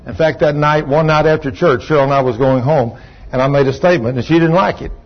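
Husky older man preaching folksy. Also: on the high side, fast. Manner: folksy joking storytelling. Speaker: pastor. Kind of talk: sermon. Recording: dull lo-fi recording.

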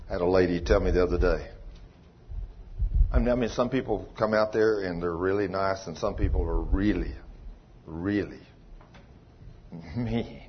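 A man preaching a folksy, impassioned sermon, swinging between loud pleading and low quiet. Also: slightly rough. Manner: folksy, plain-spoken. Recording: dull lo-fi recording.

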